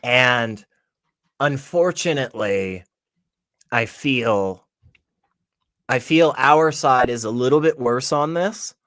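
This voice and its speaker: A man in casual livestream chat, measured and deliberate, reasoning his points aloud. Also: mid-range voice, a bit bright, no echo, clean studio sound. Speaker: livestream guest.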